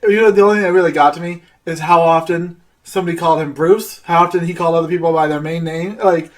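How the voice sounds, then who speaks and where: Excitable male podcast co-host, slightly high voice, off-mic, casual swearing. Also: fast, far from the mic. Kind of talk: casual chat.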